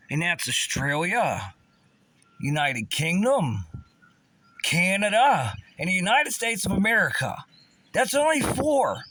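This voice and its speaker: A man rants in an agitated, sarcastic way, his somewhat high voice swinging up and down a great deal. The tone is bright and sharp, and he trips over his restarts. Faint birds and outdoor ambience sit behind him. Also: a little hiss or hum. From Pittsburgh area. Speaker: vlogger. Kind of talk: angry profane rant.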